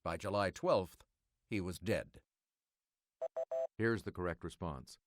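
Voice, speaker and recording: A man hosting a quiz game, reading clues and answers in a crisp, measured announcer delivery. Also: sits low, slight background noise. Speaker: quiz show host.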